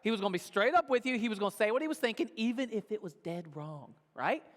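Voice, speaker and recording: Speaking fast in a high, slightly bright and expressive voice, a male pastor shares a sermon story conversationally, tagging his lines with "right?". The setting is a church auditorium, heard through a long church-hall reverb.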